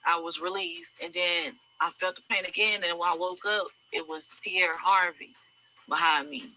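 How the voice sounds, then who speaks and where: A woman giving a halting, distressed first-person account, restarting her sentences as she relives painful memories. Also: fairly low pitch, steady tone, pushed and bright, soft background music, poor audio. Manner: halting, hesitant, many restarts. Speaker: alleged victim giving testimony.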